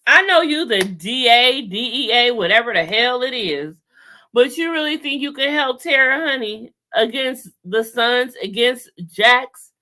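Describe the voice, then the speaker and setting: A woman hosting a casual chat over a video call, talking in an animated, sassy way with lots of slang and laughter. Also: a little high, a little slow. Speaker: podcast host recapping a TV show.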